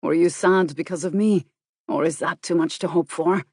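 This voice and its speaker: Lady reading a gentle quiet guy back from prison, earnest, low voice. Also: moderate pace, breathy edge, no echo, studio quality. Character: gentle, earnest middle-aged man returned from prison. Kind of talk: audiobook character voice.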